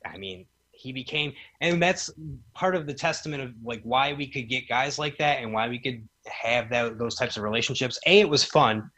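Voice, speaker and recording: Man, 30s, podcast guest: bright voice, animated storyteller who acts out the quotes. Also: medium pitch, normal speed. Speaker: podcast guest, former wrestling promoter. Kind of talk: casual storytelling chat.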